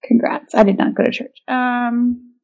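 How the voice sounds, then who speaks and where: A woman's voice: on the high side, fairly even intonation, unhurried, vocal fry, muffled recording. A woman co-hosting a podcast, recapping a film in casual, sarcastic chat with many ums.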